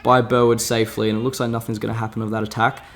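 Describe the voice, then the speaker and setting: A man doing jokey, excitable play-by-play commentary over amateur football highlights, bantering with his co-commentator. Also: racing, crowd noise. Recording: voice-over with faint music behind.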